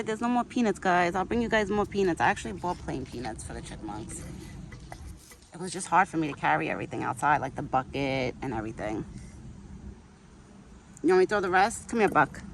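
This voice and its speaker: A woman's voice: low-pitched, gravelly. A woman talks casually outdoors, her voice rising and falling a lot as she coos at the animals she feeds. Italian was her first language, and she keeps up a chatty vlog with faint background noise. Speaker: vlogger feeding a wild deer. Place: outdoors in a yard.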